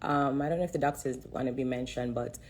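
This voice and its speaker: On a phone live stream, a woman with a Jamaican accent gives an emotional testimony, earnest and repeating herself for emphasis as she fights back tears. Her voice is very deep and a little mellow, and she speaks at a quick pace.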